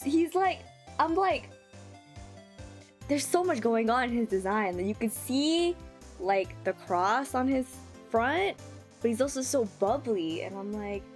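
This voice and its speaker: A playful woman streamer chatting through a game, giggly and swearing casually. Her voice is high and swoops around a lot, and she takes her time with her words. Faint game music sits behind her. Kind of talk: casual gameplay commentary.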